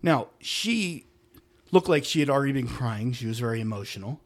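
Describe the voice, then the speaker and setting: A middle-aged man of medium pitch, swapping stories on a casual podcast. He talks animatedly, punching some phrases out loud and dropping others to a low mutter, in a relaxed, conversational way. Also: normal speed. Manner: animated, swings from loud emphatic bursts to low muttered asides. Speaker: podcast co-host. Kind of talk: casual storytelling chat.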